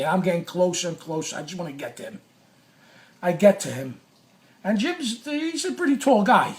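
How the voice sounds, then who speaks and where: Middle-aged man, animated storyteller, salty and blunt, rough-edged delivery. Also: high-pitched, normal speed. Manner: blunt, profane, restless, acts out quoted lines. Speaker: storyteller recounting a past clash.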